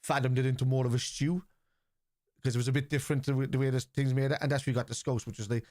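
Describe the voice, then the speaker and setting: An Irish man in his forties hosts a live football watchalong, answering his chat in a combative, lecturing manner. His voice sits at an ordinary middle pitch. The recording is dry, with almost no room sound. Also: level tone, fast talker, darkish tone, dry recording. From Ireland. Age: 40s. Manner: argumentative, lecturing. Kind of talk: live stream chat reply.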